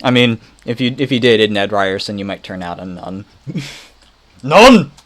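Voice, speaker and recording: A man's voice: fairly low pitch, a little fast, a bit bright. A man casually thinking aloud while making music on a livestream, muttering, playful and rambling.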